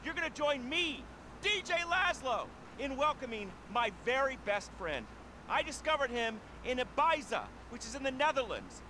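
A boastful, washed-up party DJ with a high, jumpy voice. He brags loudly and sounds a little desperate. Steady background noise runs under the game audio. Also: moderate pace, exaggerated voice. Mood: hyped. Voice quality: brash, boastful, slightly desperate. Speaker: DJ hosting a club opening.

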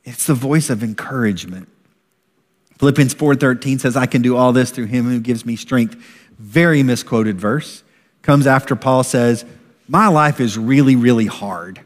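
A middle-aged man preaching a sermon as pastor, animated and acting out voices of a parent. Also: medium pitch, moderate pace. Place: church sanctuary. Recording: long reverb of a large hall.

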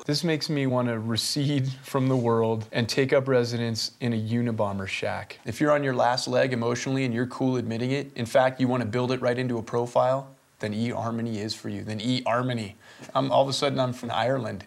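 A man's voice: mid-range voice, steady tone, brisk, creaky. A man hosting a comedy web show, delivering mocking, sardonic commentary and chuckling through his own jokes.

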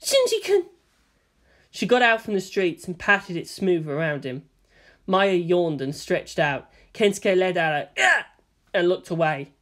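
A woman narrating a fan fiction story in an expressive storytelling manner. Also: on the low side, unhurried.

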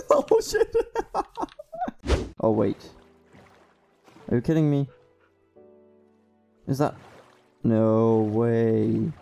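A young man giving excitable gameplay commentary, swearing constantly and often bursting into laughter. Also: medium pitch, gravelly. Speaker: gaming YouTuber.

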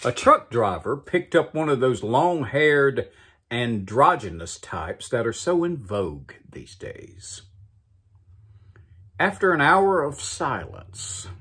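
Slow, husky male joke-telling host. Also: mid-range voice, fairly bright tone. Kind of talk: casual joke reading.

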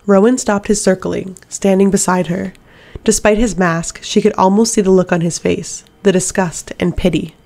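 A woman narrating an audiobook in a steady, measured reading voice. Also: mid-range voice, vocal fry. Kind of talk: scripted narration.

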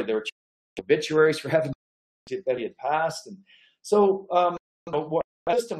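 A man's voice: medium pitch, a little mellow, roomy sound, poor audio. A man coaching chiropractors, telling stories in a folksy, emphatic way. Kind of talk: storytelling talk to chiropractors.

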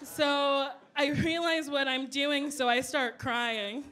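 High bright woman doing stand-up, acts out everyone in the story, faint noise behind. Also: takes it slowly. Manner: animated, playing out voices of people in her story. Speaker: stand-up comedian.

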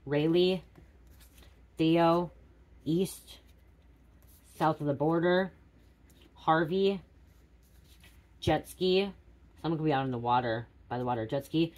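Middle-aged woman, low-pitched, casual card reader thinking out loud. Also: slow, long pauses. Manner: musing aloud, repeating words. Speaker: tarot reader. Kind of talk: casual spiritual card reading.

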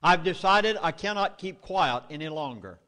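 A man's voice: fairly high pitch, lively intonation, moderate pace, bright, forceful tone, big-room sound. Emphatic Southern man speaking at a meeting. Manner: emphatic, urgent warnings. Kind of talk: public speech.

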